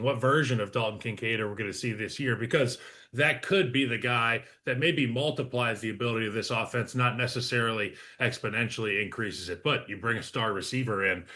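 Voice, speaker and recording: A man's voice: lowish voice, bright, forceful tone. A man giving football analysis on a talk show, opinionated and conversational. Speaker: football analyst, former player.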